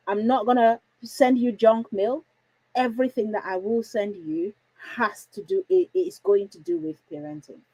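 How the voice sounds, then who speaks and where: A woman's voice: medium pitch, a little mellow, breathy edge, no echo, rough recording. A woman hosting a parenting livestream from home, chatty and reassuring, often putting questions to her viewers. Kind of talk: casual livestream talk.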